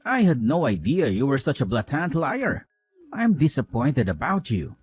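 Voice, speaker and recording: A man's voice: medium pitch, huge pitch swings, normal speed, breathy edge, faint music behind. A man voicing a young husband who scolds his wife with contempt and sides with his mother in a voiced drama story. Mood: scornful.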